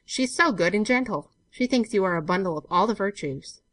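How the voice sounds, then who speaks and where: A woman reading aloud, voicing a scheming young male gentleman with a drawling, sardonic manner in an audiobook. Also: mid-range voice, lively intonation, a little fast, no room sound, lightly acted. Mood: teasing.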